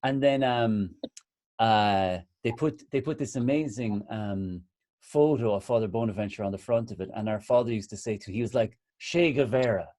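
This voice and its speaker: A man's voice: lowish voice, normal speed, mellow. Eager Irish man in his forties. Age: 40s. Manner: eager, restarts his sentences, shows things to the camera. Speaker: co-host. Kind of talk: casual group conversation.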